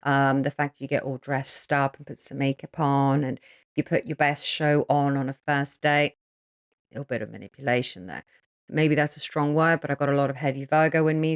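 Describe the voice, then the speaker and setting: A woman who does spell consultations talks casually and bluntly to camera. She swears freely and often checks in with her listeners. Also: sits low. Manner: chatty, with frequent fillers and tag questions. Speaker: spiritual practitioner offering spell consultations.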